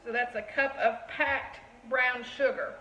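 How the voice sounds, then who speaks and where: A woman's voice: a little high, steady tone, a little slow, reverberant, very noisy. A woman with a Southern accent, chatting casually while she bakes live and greets her viewers. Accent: Southern American. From Tennessee. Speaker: shop owner hosting a live cooking stream. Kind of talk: casual live cooking chat. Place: kitchen.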